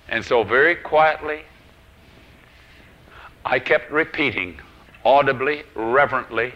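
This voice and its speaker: A man preaching a sermon, telling a personal story and swinging from loud declarations to hushed whispers. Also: mid-range voice, expressive, a little slow, pauses often. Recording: dull lo-fi old recording.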